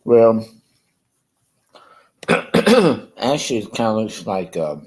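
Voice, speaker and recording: A man talks slowly into his streaming mic in a deep, low voice. His chat rambles, with frequent ums and restarts. He often breaks off with a chuckle before he goes on. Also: sing-song, a little mellow, rough recording. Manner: chuckles often between thoughts. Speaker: live streamer and ventriloquist. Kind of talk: casual live-stream chat.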